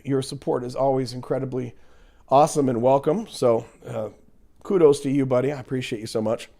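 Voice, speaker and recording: A man's voice: mid-range voice, fairly quick, creaky, warm tone. A man hosts a casual livestream, reading comments into a desk microphone. He answers in a blunt, profane, sarcastic way, laughing as he mocks the people he disagrees with.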